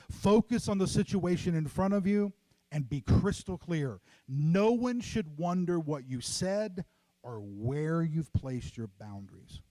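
A middle-aged male pastor delivers an emphatic sermon in a slightly raised, mellow voice. He drives his points home through repetition and speaks straight to the congregation. The sound is close and dry. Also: a little high, no room sound. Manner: emphatic, repeats phrases, addresses congregation as folks.

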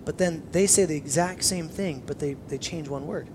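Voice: medium pitch, moderate pace, background noise. A preacher giving a casual sermon in a conversational way, acting out the people in the story along the way.

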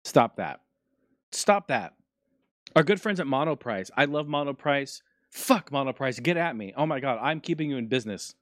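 A man's voice: mid-range voice, animated, moderate pace, fairly bright tone, no room sound, studio quality. A man hosting a casual solo podcast, ranting animatedly and swearing often. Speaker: podcast host.

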